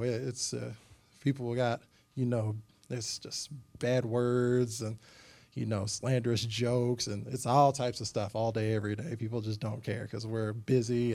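A man's voice: mid-range voice, gravelly. A young man speaking as a youth pastor to a group, telling a personal story in a loose, conversational sermon, full of fillers like "you know". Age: young adult. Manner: animated and conversational, many fillers.

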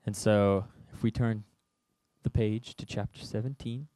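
A young man giving a casual sermon, telling a story in a joking, conversational, animated way. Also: fairly low pitch, unhurried, very noisy. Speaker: youth speaker.

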